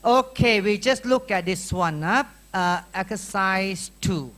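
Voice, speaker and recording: Lively Malaysian-accented male teacher. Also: sits high, takes it slowly. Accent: Malaysian English. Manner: lively, questioning, teasing. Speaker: workshop teacher. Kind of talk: classroom lecture. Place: workshop room.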